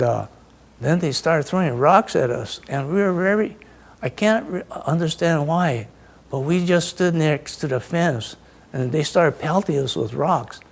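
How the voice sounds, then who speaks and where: A man in his eighties recounting childhood memories in an interview, halting and full of fillers. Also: medium pitch, vocal fry, darkish tone.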